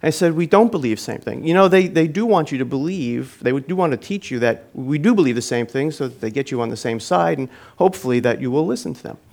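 A man preaching a sermon, telling a personal story in an earnest way, with phrases that swell and then fall quiet at the end. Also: fairly high pitch, lively intonation, quick pace, vocal fry, few pauses.

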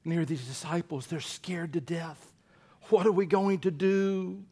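Man, preacher, sermon, fairly high voice, animated, loud to whispery. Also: normal speed, breathy edge. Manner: animated storytelling, swings from loud to hushed.

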